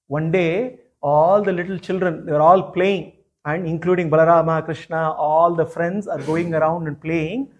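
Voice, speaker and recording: A man's voice: fairly high pitch, fairly even intonation, moderate pace, muffled recording. A man, a spiritual teacher animatedly retelling a scripture story with many "you know" asides.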